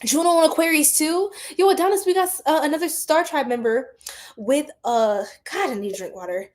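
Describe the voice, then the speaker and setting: A woman's voice: high voice, brisk. A young woman hosting a psychic livestream, chatting casually, reading comments, greeting viewers by name and laughing often.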